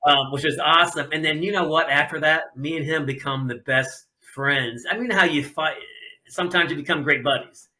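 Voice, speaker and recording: A man's voice: a little high, normal speed. A middle-aged man from Ohio, a racer guesting on a podcast, telling stories casually and acting out the voices of people he quotes. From Ohio, USA. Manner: animated, acts out quoted voices. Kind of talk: casual storytelling.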